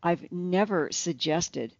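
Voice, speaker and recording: An audiobook narrator reading the lines of a grieving man who speaks calmly and quietly. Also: medium pitch, takes it slowly, creaky, dry recording. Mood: restrained. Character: grieving man on a video call, restrained. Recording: slightly dull, dry lo-fi recording.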